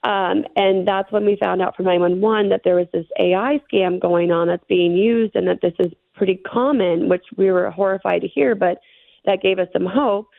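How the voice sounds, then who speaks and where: A woman's voice: mid-range voice, vocal fry, no room sound. A middle-aged woman, an interview guest, earnestly recounting a personal ordeal with many fillers. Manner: earnest, rushed storytelling with fillers. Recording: dry, thin phone-line sound.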